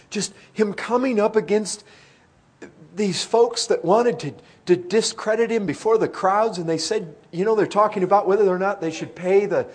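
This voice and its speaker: A middle-aged man preaches a sermon earnestly, his voice swelling loud before dropping to a hush. It sits high and sounds slightly rough.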